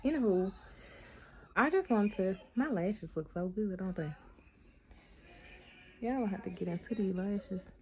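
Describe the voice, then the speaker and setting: A woman's voice: medium pitch, measured pace, pauses often, warm tone, slight background noise. A young woman vlogger chatting casually to her viewers, with slangy asides. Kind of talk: casual vlog chat to camera.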